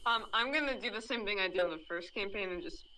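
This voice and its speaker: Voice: medium pitch, quick pace, pushed and bright, far from the mic, slight background noise, poor audio. A player taking part in a tabletop game, speaking casually and with the hiccups. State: has the hiccups.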